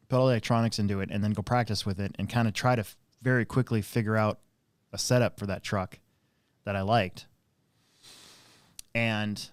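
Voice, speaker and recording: A man's voice: fairly low pitch, clear, resonant tone, no room sound. A man hosting a casual live stream, telling long rambling stories about racing with plenty of fillers and restarts. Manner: rambling anecdotal storyteller, many fillers. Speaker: host and RC track operator.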